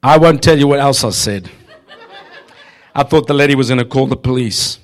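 A visiting preacher with a medium-pitched voice speaks at a moderate pace, delivering a humorous, prophetic sermon to a church congregation. He exhorts them, addresses the listeners directly, and often laughs.

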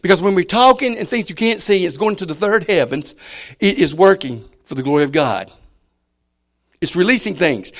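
A man preaching a sermon in a folksy way, repeating key words and moving between loud and soft. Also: high voice.

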